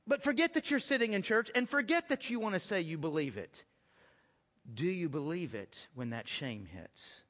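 A middle-aged male pastor with a high-set voice preaches to his congregation, rising to loud emphatic lines and dropping to near-hushed ones. He repeats his phrases for weight and keeps asking the room questions, and his voice rings out with the long reverb of a big church hall. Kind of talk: sermon. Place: church sanctuary.

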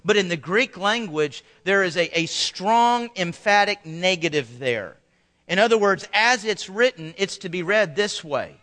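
A male pastor giving an animated, conversational sermon to a large church crowd, often acting out the people he quotes. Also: high-pitched, a little slow. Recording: long hall reverb.

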